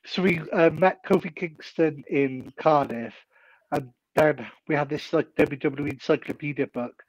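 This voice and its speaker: A man's voice: fairly high pitch, normal speed, no echo, poor audio. A man co-hosting a casual podcast, rambling through strong opinions. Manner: rambling, opinionated fan talk. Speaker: podcast co-host. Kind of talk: casual chat.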